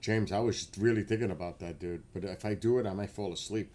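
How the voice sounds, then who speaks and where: A man hosting a casual livestream, chatting with viewers by name and getting excited as he asks them questions. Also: on the low side, fast talker. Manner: chatty, talks to chat by name, gets excited and laughs. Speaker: livestream host.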